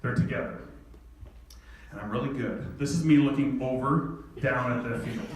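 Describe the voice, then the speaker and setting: Guy telling a story on stage, lively, laughs a lot, far from the mic in a big echoey hall. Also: medium pitch, normal speed, noisy background. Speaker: speaker. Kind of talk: personal story told to an audience.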